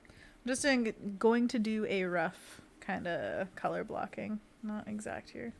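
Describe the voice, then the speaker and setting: Now animated and unhurried, her medium-pitched voice has a creaky quality, and faint music plays in the background. The woman illustrator keeps sketching on her casual stream, talking along, reading chat aloud, and throwing in little sound effects.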